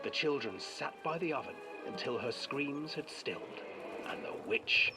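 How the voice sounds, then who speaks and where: A voice narrating a dark fairy tale on a horror game's ride, hushed and dramatic, often dropping into a whisper. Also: medium pitch, expressive, measured pace, close to an everyday voice. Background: game music.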